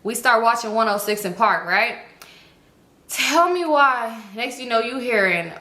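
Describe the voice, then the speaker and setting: Brief: young woman vlogger, bright tone, animated and slangy storytelling, echoey room. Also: fairly quick. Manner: animated, acts out quotes with big pitch jumps; profane, slangy. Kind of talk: casual storytelling.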